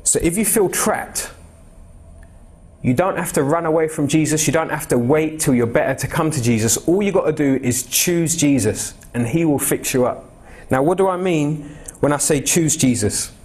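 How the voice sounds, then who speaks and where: Young male pastor, slightly raised pitch, casual direct sermon delivery, questions to the pews. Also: moderate pace, darkish tone. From England. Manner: conversational and direct, asks the congregation questions. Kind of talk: expository sermon. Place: church.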